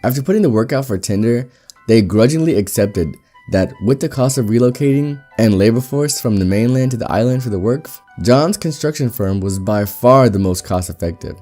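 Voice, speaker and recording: A man reading an online story aloud in a steady, wry storytelling manner. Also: mid-range voice, brisk, soft background music. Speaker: story narrator.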